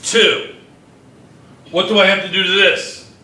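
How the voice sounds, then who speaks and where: A man's voice: sits high, steady tone, unhurried, pushed and bright, echoey room. A male chemistry teacher lecturing a classroom, firing questions at students and repeating key points.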